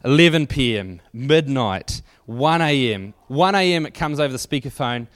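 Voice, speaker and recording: A man's voice: medium pitch, animated, moderate pace, a bit bright. A man preaching to a church audience, telling a wry anecdote loosely with fillers and restarts. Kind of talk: storytelling sermon.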